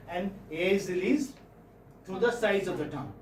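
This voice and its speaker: A man's voice: high voice, expressive, moderate pace, darkish tone. A middle-aged man with an Indian English accent giving a phonetics lecture in a classroom, repeating words and checking in with students. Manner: repetitive, coaxing, checks with students often. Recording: echoey room, distant mic, faint noise.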